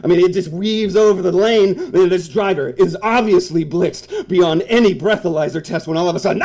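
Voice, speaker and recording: A man, an author, giving a dramatic live reading of his own fiction in a frantic way, bursting into yells and laughter. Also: sits high. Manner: frantic, breaks into yelling and laughter.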